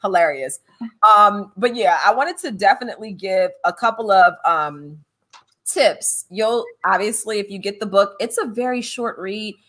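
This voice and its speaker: A woman hosting a podcast, telling funny parenting stories in a casual, animated way and acting out quotes. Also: mid-range voice, moderate pace. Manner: animated, laughing, acts out quotes. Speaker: podcast host and author. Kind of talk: casual chat, storytelling.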